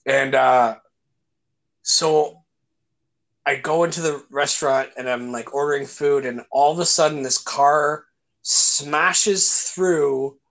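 A man's voice: on the high side, steady tone, slow pace, creaky, fairly bright tone. A young man in casual podcast chat, telling long rambling stories and swearing freely. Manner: rambling storyteller, acts out voices in his anecdotes, swears freely.

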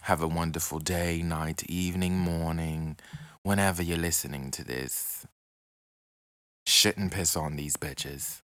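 A man hosting his own podcast, ranting unfiltered and profane, swinging between loud outbursts and quiet asides. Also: low-pitched, fairly even intonation, measured pace, no room sound, studio quality. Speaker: podcast host. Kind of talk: unfiltered solo rant.

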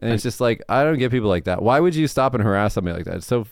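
A man's voice: medium pitch, animated, rapid-fire, smooth, no echo, clean studio sound. A man co-hosting a podcast in casual chat, blunt and rambling, swearing freely. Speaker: podcast co-host.

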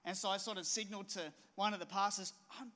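A man's voice: high-pitched, fairly even intonation, fast, bright, forceful tone. A middle-aged man, preaching a sermon with a conversational, storytelling manner. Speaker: pastor.

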